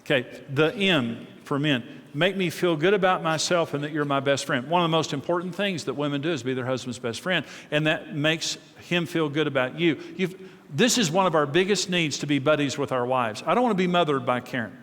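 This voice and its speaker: Recorded in a big, echoing hall, a middle-aged marriage teacher speaks to a live audience in a fairly high, fairly bright voice at a fairly quick pace. His teaching is conversational, with repeated words and personal anecdotes.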